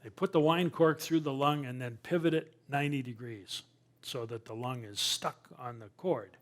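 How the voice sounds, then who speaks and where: An older man, a naturalist speaker, telling a humorous story to a live audience with lively sound effects and self-deprecating asides. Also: medium pitch, moderate pace.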